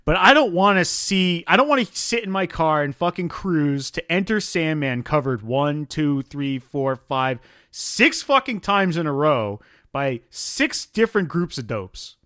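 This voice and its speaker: A man co-hosting a casual podcast, cracking crude jokes and quick quips. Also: on the high side, lively intonation, a bit bright, smooth, dry recording, clean studio sound. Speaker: podcast co-host. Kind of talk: casual chat.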